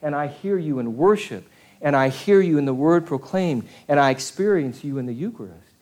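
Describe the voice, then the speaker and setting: A man preaching a conversational sermon, asking his listeners questions and swinging from quiet, hushed asides to loud, acted outbursts. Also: fairly high pitch, lively intonation, normal speed. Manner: conversational, asks the audience questions.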